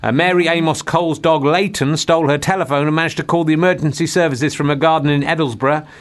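Brief: rapid, slightly high-voiced man, comic co-host who slips into silly voices. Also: fairly even intonation. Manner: quick, jokey storyteller doing silly voices. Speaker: podcast co-host. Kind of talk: casual comedic chat.

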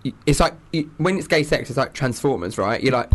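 A man's voice: medium pitch, lively intonation, brisk. A man co-hosting a podcast, teasing and prodding with a chatty, filler-heavy manner. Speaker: podcast co-host. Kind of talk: candid casual chat.

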